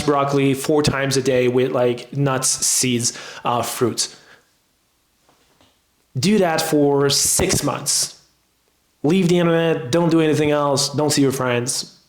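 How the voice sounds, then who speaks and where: A man who is a fitness coach, talking casually and rambling to camera, with slightly English. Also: medium pitch. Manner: rambling, conversational. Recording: roomy echo.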